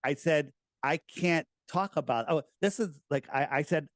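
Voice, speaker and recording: A middle-aged American man talking casually in an interview, animated and rambling, with many restarts. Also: a little high, moderate pace, dry recording. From United States. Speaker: podcast host, guest.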